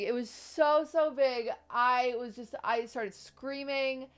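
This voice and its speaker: Woman streamer as host, slightly high voice, chatty and filler-heavy. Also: slow pace, clear, resonant tone. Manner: chatty, many fillers, expressive storytelling. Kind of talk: casual chat on a call.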